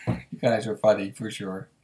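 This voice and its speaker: A man's voice: lowish voice, darkish tone, reverberant. A man hosting a casual live stream, chatting and laughing often as he reads viewer comments aloud. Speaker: host.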